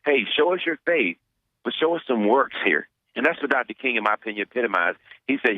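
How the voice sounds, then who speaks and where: A man's voice: medium pitch, animated, fast, no echo, phone-quality sound. A man, a pastor, answering interview questions earnestly, often repeating words as he searches for them.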